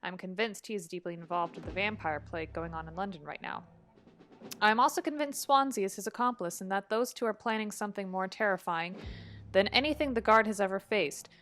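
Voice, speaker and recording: A woman's voice: medium pitch, a little fast, a bit bright, faint music behind. A young woman hosting a gaming video, chatting casually, laughing often and reading in-game documents aloud. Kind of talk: casual let's play chat, reading game notes aloud.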